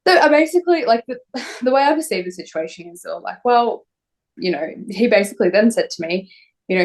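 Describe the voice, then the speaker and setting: A young woman telling a personal story in an interview, halting and emotional with many fillers. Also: medium pitch, expressive. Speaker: interview guest.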